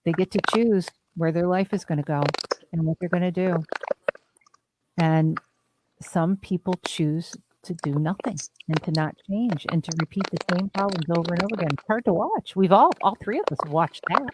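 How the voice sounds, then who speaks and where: A woman's voice: fairly low pitch, moderate pace, noisy background. A woman therapist hosting a podcast, telling blunt, emphatic stories in candid talk. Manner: blunt, emphatic storytelling with swearing.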